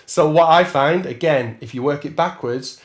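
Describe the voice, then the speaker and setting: A man gives a relaxed trombone lesson, talking through ideas in a loose, chatty way. His voice sits a little high for a man. He laughs often and breaks into scat syllables while counting out bars. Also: moderate pace. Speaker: trombone teacher. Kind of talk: masterclass talk with sung counting.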